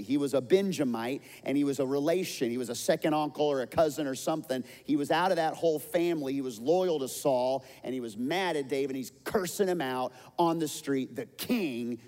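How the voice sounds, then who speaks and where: A man preaching a sermon, telling a story with lively delivery and loudly acting out the quoted lines. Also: medium pitch, in a large hall. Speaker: pastor.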